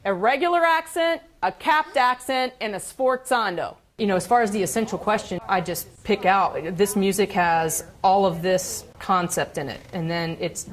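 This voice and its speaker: A woman teaching a school band, giving brisk directions and counting off. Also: on the low side. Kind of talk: classroom instruction.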